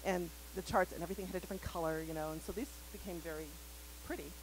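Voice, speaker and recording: A woman's voice: on the low side, steady tone, rapid-fire, a little hiss or hum, poor audio. A woman on a live community panel, telling a story animatedly and acting out the quotes. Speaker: parent panelist. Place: community center event.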